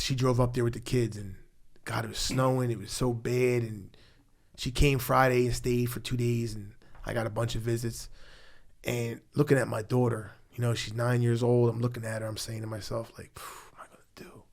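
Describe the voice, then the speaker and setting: A middle-aged man from Philadelphia talks candidly in a studio interview. His voice sits at an ordinary pitch, and he speaks bluntly and profanely. He swings from raised, heated outbursts to low, hushed reflection. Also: fairly even intonation, moderate pace, gravelly. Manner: blunt, profane, emotional; grows loud when angry, drops low and quiet when tender. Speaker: podcast guest. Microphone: studio mic.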